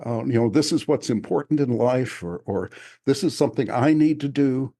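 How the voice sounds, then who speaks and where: Mellow-voiced man musing with soft chuckles. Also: medium pitch, moderate pace. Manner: reflective, with frequent chuckles and restarts. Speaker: author discussing his spiritual experiences. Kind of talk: casual conversational podcast talk.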